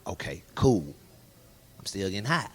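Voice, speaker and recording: Animated man sharing his testimony. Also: deep voice, moderate pace. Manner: animated storyteller who acts out dialogue in other voices. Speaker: interview guest. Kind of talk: candid personal testimony in a casual interview.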